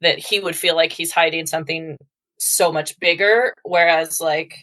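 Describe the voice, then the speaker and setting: A middle-aged woman co-hosting a podcast, with a voice a little lower than most. She chats in a relaxed, casual way. She laughs along with the others. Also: normal speed, poor audio. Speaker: podcast co-host. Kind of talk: casual chat.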